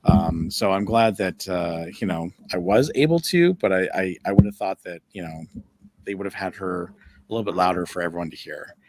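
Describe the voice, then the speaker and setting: A man with a fairly low voice co-hosts a casual chat. He talks in an animated way and jumps up in pitch when he acts out what others said. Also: moderate pace, no room sound. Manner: animated, acts out quotes in a higher voice. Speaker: podcast co-host.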